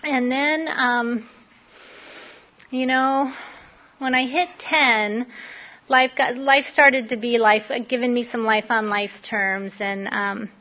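A woman's voice: fairly high pitch, fairly even intonation, takes it slowly. A middle-aged woman giving a candid, rambling personal testimony at a recovery meeting, full of fillers. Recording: dull lo-fi recording.

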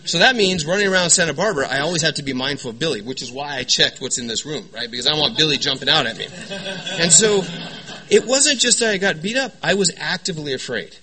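A man from California giving a lively personal testimony to a recovery meeting, joking with the room and asking "right?" often. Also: fairly high pitch, fast talker, a crowd in the background, rough recording. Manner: animated, joking storyteller with lots of "right?" and "you know".

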